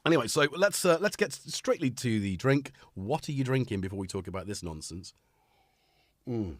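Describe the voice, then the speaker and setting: Man, live stream host, chatty, jokey, animated pitch, dry close sound. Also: moderate pace, no echo. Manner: chatty, jokey, greets viewers by name. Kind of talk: casual live stream chat.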